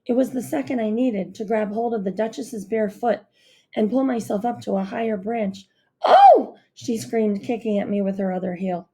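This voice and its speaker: A woman reading a novel aloud as narrator in a steady storytelling manner. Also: medium pitch, normal speed. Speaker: audiobook narrator. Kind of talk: scripted narration.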